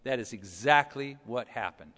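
A man's voice: mid-range voice, normal speed, fairly bright tone, long reverb tail. A man preaching a sermon, explaining scripture verse by verse in a conversational way with rhetorical questions.

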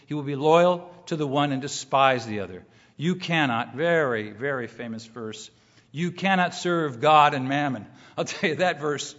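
A middle-aged man preaching a sermon, emphatic, repeating key phrases and rising in pitch when he quotes scripture. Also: fairly bright tone. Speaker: pastor. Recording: muffled recording with long hall reverb.

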